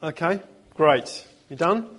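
Male preacher, slightly higher voice, animated storyteller with emphatic repeats. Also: takes it slowly. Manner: lively storytelling with emphatic repetition and humor. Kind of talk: sermon.

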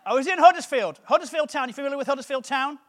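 A man's voice: very high-pitched, rapid-fire. A man, a comedian preaching a comic sermon in a playful, self-mocking way.

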